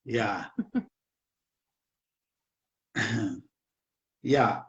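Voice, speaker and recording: Man, Ghanaian accent, hoarse, slow and halting, talk show host, muffled echoey room. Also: mid-range voice, a bit bright. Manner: slow, halting, mixes English into Twi. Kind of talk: casual political talk.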